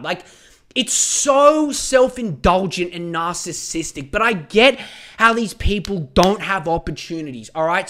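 A man's voice: sits high, a bit bright. A man, hosting a solo podcast and ranting in a profane, heated way with lots of stammered restarts. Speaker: podcast host.

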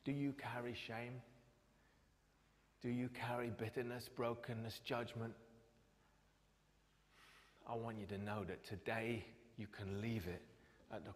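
Impassioned preacher in a reverberant hall. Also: male voice, fairly low pitch. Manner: swings from loud emphasis to hushed whispers. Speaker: pastor. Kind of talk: sermon. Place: church.

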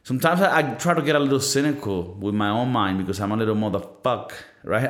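A man in his thirties hosts a casual solo podcast, rambling, swearing, and frequently mocking himself. He speaks quickly at a medium pitch with expressive delivery and barely any pauses, in a room with noticeable echo.

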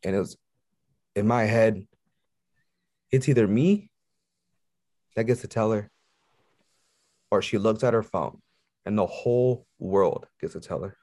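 A man's voice: lowish voice, darkish tone, dry recording, studio quality. A man telling a personal story in a casual interview, swearing often and stumbling over his words. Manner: profane, rambling, halting retelling. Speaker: guest.

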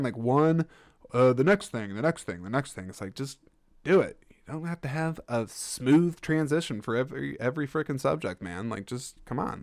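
A man's voice: mid-range voice, dry recording. Rambling young man, dry close mic. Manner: rambling, self-mocking, with many restarts. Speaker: podcast host. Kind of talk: casual solo podcast monologue.

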